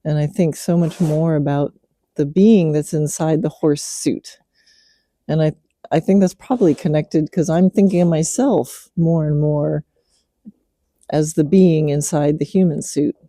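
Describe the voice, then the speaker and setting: Middle-aged woman host with a dark, dry, close-up sound, talking slowly and gently as she praises her horse. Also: low voice, no echo. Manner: soft, relaxed, coaxing the horse with praise. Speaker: podcast host, horse trainer. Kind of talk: casual spoken reflection while working a horse. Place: outdoors at night with her horse.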